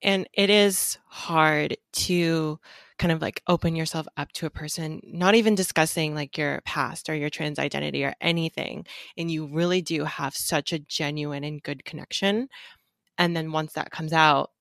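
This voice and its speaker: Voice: medium pitch, fairly even intonation, normal speed, gravelly, fairly bright tone, no echo, clean studio sound. A podcast co-host talking reflectively in casual chat, with many fillers. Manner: reflective, filler-heavy talk.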